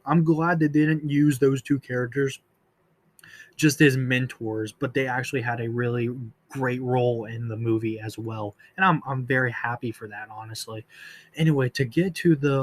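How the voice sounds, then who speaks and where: A man giving a casual movie review, excitable and gushing, full of fillers and restarts. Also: medium pitch.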